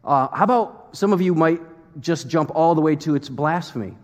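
A man's voice: on the high side, moderate pace, in a large hall. An American man preaching a sermon to a congregation, talking conversationally with fillers and acting out quotes. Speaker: pastor.

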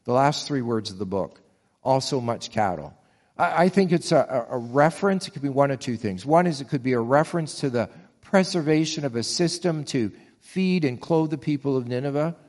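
A man's voice: medium pitch, animated, a little fast, darkish tone, big-room sound. A man preaching a sermon with earnest rhetorical questions and frequent small restarts. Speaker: pastor.

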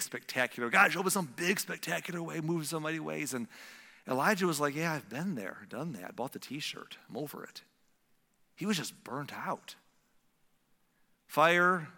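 A man preaching a sermon as a pastor, swinging from loud emphatic lines to hushed whispers. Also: medium pitch. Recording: long hall reverb.

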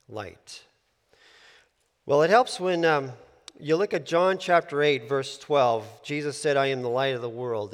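Man preaching in a reverberant hall. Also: mid-range voice. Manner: conversational preaching with fillers and restarts. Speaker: pastor. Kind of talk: sermon.

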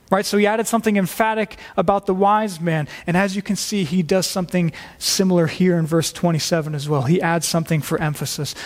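Earnest male preacher, slightly high voice, emphatic delivery, long reverb. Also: darkish tone. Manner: earnest, emphatic, quoting scripture in a lowered voice. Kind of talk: sermon.

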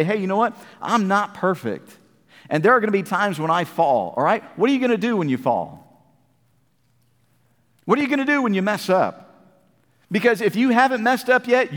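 A man delivers a sermon in a high, lively voice that leaps and falls. He moves from booming calls to hushed lines. The sound rings with a long hall reverb. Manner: animated, swings from booming to hushed. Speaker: preacher.

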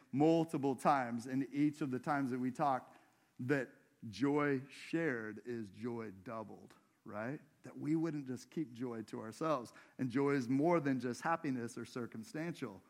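A man preaching a sermon in a church, in a conversational way, putting questions to the congregation. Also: mid-range voice. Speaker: pastor.

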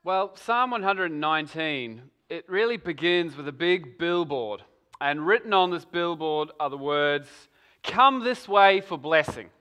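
Bright high-voiced male preacher. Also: measured pace. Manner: conversational, asks many rhetorical questions. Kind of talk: sermon.

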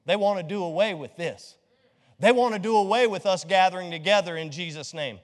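High-voiced pastor preaching in a reverberant hall. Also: male voice, fairly quick. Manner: lively, joking, quizzes the congregation. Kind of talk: sermon.

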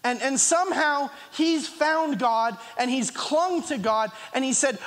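A man's voice: very high-pitched, fairly bright tone. A man preaching a sermon in a church, earnest and reading scripture, with a slight cough. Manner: earnest, with pauses and restarts, reading scripture aloud. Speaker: pastor. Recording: long reverb of a church hall.

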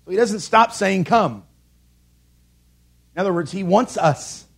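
A man with a high, husky voice preaches from a church pulpit. He presses his points with repeated calls and rhetorical questions, rising and falling as he drives each line home. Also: a little slow. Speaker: pastor. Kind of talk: sermon.

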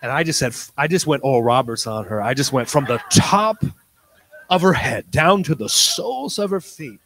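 A man preaching a sermon, telling a story in acted-out dialogue and swinging from quiet asides to loud, excited bursts. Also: mid-range voice, normal speed, slight background noise, rough recording. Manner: tells stories in quoted dialogue.

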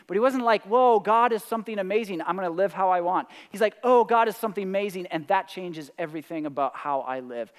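A man preaching a sermon, with lively, animated delivery and acted-out quotes. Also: high voice, in a large hall. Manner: animated preaching, voicing God's words with rising intensity. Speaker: pastor.

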